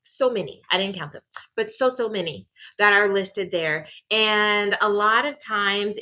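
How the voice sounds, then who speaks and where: A woman's voice: medium pitch, bright, forceful tone, muffled recording. A woman giving a casual lecture, emphatic and repeating phrases for stress.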